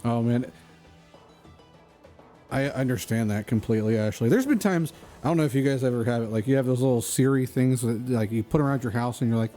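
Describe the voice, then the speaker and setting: Here a man chats loosely during a gaming stream, cracking jokes and wandering off topic again and again. He talks fast in a mid-range voice with a dark tone, and faint music plays in the background.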